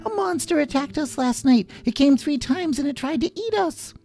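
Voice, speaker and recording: A man voicing frightened little children in a very high, squeaky voice. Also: animated, normal speed, gravelly, a little mellow, faint music behind, exaggerated voice. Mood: scared.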